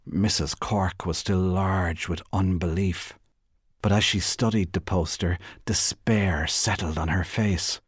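A man reading a literary short story aloud in a measured, unhurried way. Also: deep voice, fairly even intonation, slightly rough, dry recording, clean studio sound. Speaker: guest reader.

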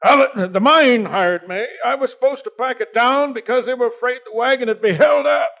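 An actor playing a feisty, cantankerous old prospector who sputters and curses, in a 1949 radio drama. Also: male voice, extremely high pitch, brisk, a bit bright, dull audio. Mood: nervous. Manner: cussing, sputtering, coughing.

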